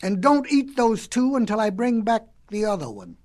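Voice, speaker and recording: A woman's voice: a little high, big pitch swings, normal speed, a little mellow. A woman voicing a boastful, bossy big bad wolf in a storybook reading, blustering and commanding.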